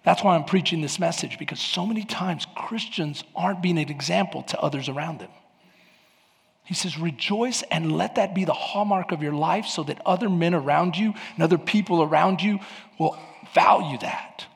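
Pastor guy preaching hard, goes from soft prayer to almost shouting, slightly high voice, big echoey church. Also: moderate pace, creaky. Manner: animated preaching, building from quiet prayer to near shouts. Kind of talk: sermon. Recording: long hall reverb.

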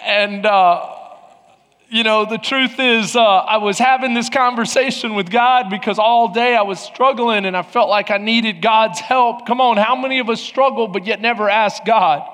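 High-pitched guy pastor preaching, emotional story, lots of restarts, long echo. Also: moderate pace, a bit bright. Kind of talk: sermon. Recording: long hall reverb.

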